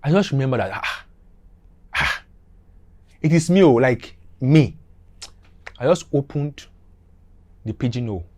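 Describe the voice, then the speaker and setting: A middle-aged man telling a story casually, animated and repetitive, acting out the scenes. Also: mid-range voice, unhurried, pauses often.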